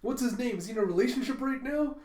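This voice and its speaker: A man voicing an excitable, boy-crazy schoolgirl who squeals and gushes. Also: extremely high pitch, fast talker, pitched above the performer's own voice. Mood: gushing. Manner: squealing, breathless gushing. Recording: roomy echo.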